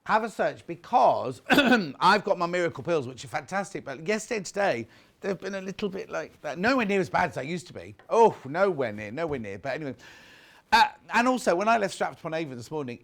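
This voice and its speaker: A man's voice: on the high side, big pitch swings, a little fast. A man presenting a live TV shopping show, chatting casually and reading out viewer messages. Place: TV studio.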